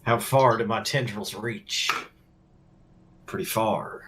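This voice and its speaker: A man's voice: fairly low pitch, takes it slowly, noisy background. A man playing a tabletop game, speaking in a folksy drawl as his character. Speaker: player.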